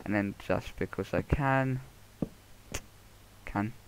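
A man narrating his own gameplay, muttering to himself and swearing through a muffled headset microphone. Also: lowish voice. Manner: mumbling to himself, swearing, quick outbursts. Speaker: Let's Play gamer. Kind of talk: casual gameplay commentary. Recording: muffled headset audio, faint noise.

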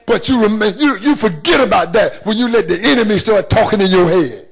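A middle-aged man, preaching a sermon in a church, moving between hushed asides and rising calls to the congregation. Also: sits high, expressive, fairly quick, creaky, husky, soft background music. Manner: preaching with call-and-response rhythm, shifting between hushed and rising. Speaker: pastor. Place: church sanctuary.

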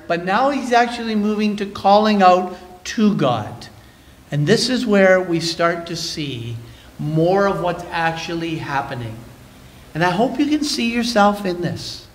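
A man with a Canadian accent preaching a sermon in a church, reading scripture aloud and swinging between loud and soft. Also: high voice, lively intonation, unhurried. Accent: Canadian English. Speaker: pastor. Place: church sanctuary.

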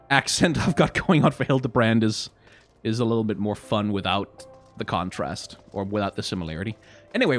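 A man's voice: mid-range voice, a bit bright. A man streaming a game, chatting casually in a rambling, self-interrupting way. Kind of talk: casual chat while playing a game.

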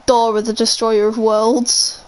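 A woman's voice: on the high side, little pitch movement, unhurried, a little mellow. A young woman chatting casually as she streams a game, giggling and swearing freely. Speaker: live streamer. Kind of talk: casual gaming stream chat.

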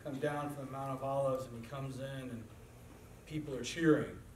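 A man's voice: medium pitch, fairly even intonation, normal speed, noisy background. A male pastor preaching a sermon in a church sanctuary, talking in an earnest, conversational way. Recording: echoey church from far off.

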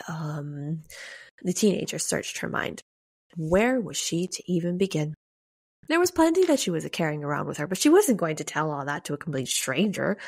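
A woman reading a story aloud as a podcast narrator, in a measured, gentle pace with dramatic pauses. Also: lowish voice, gravelly.

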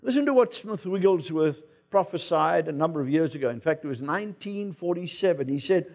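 A man with a South African accent, preaching a sermon as pastor in a relaxed, conversational way, with personal anecdotes. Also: fairly high pitch, brisk, few pauses, dull audio. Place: church sanctuary.

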